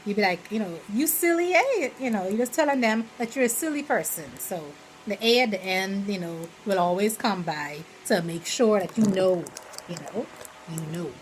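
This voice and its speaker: In a casual vlog, a young woman with a Bahamian accent rambles along at a moderate pace, medium-pitched, saying "you know" often and acting out lively quoted examples. Slight background noise marks the rough recording.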